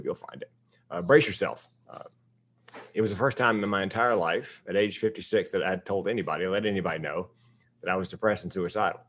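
Husky-voiced man giving a comic talk. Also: deep voice. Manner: comic storytelling, deadpan asides. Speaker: speaker. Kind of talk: public talk.

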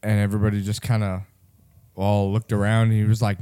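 An animated man hosts a relaxed podcast chat, telling stories and laughing as he goes. His voice is mellow and dark, recorded close and dry with no room sound. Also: on the low side, moderate pace, clean tone, dry recording. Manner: animated storyteller, laughs often. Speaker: podcast host. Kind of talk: casual chat.

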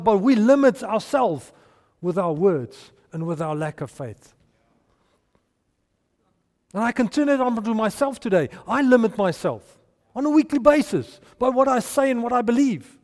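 A man preaching a sermon, animated and storytelling, with restarts and hushed asides. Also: high voice, unhurried, pauses often. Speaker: pastor. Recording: long hall reverb.

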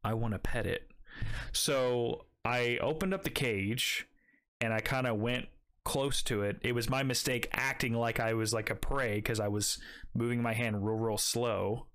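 A man's voice: mid-range voice, steady tone, unhurried, a bit bright. Rambling, profane young man telling a story. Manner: rambling, profane, heavy filler words. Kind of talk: casual storytelling chat.

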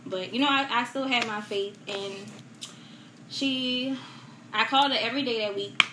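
A young woman as a guest, telling a personal loss in a soft, halting way with many fillers and repetitions, in a roomy, noisy recording. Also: on the high side. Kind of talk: emotional personal story in a podcast chat. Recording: roomy echo with steady background noise.

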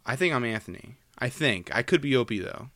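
A man's voice: medium pitch, sing-song, a little fast, fairly bright tone, no echo, studio quality. Young man rambling in casual podcast chat. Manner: rambling, restarts, laughs a lot. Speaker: podcast co-host.

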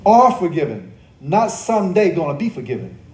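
A man preaches a sermon in a slightly high, mellow voice. He repeats key phrases, quizzes the congregation and adds joking asides. His voice rings through a roomy church. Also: sing-song, moderate pace. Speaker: pastor. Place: church service.

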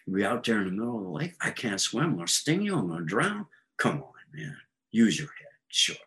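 A man's voice: lowish voice, huge pitch swings, brisk, fairly bright tone. A man voicing a sly, persuasive scorpion while telling a fable, in a coaxing, wheedling manner. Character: sly scheming scorpion, smooth-talking and persuasive.

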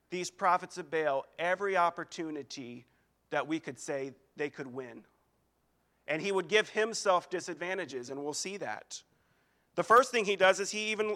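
A young man preaching at a youth service, reading scripture aloud and telling animated personal stories. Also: sits high. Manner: animated storytelling that mimics crowds.

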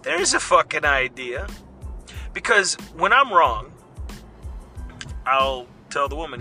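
A man's voice: on the high side, big pitch swings, slow, pauses often, bright, forceful tone, soft background music. A middle-aged man hosting a podcast, delivering a heated, profanity-laden rant. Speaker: podcast host. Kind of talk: ranting monologue.

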